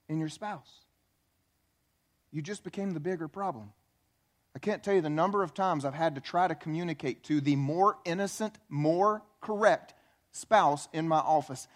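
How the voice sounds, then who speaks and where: A man's voice: a little high, normal speed. A man preaching a sermon as pastor, emphatic and repeating key phrases for effect.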